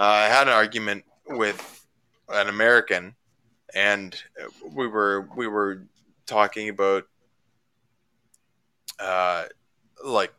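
A man from Canada with a very bright, crisp, smooth voice in casual conversation. He tells his story with lots of stammering restarts and repeated words, climbing higher when he gets worked up. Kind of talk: casual chat.

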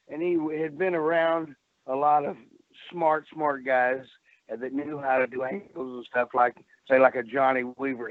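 A man's voice: a little high, no room sound. An older man, a former wrestler, telling salty stories on a phone interview and laughing at his own tales. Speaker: former pro wrestler, guest. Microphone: telephone. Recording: tinny phone line.

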